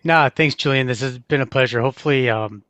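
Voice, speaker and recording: A man's voice: mid-range voice, fast talker, fairly bright tone, no echo. A man being interviewed as a podcast guest, speaking earnestly and reflectively. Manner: earnest, reflective, laughs easily. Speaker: podcast guest, navy veteran. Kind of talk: casual interview chat.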